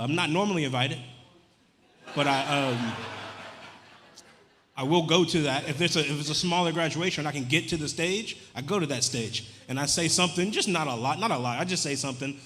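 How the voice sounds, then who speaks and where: Fast deadpan comedian. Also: male voice, on the high side, big-room sound, a little hiss or hum. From Louisiana. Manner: deadpan, rambling, dry delivery. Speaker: stand-up comedian. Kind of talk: stand-up comedy set. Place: comedy club stage. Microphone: handheld stage mic.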